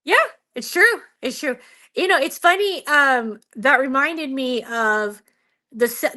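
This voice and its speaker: A woman who is a guest on a radio talk show, telling a personal story in an animated, expressive way and laughing often. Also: fairly high pitch. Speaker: Bigfoot researcher guest.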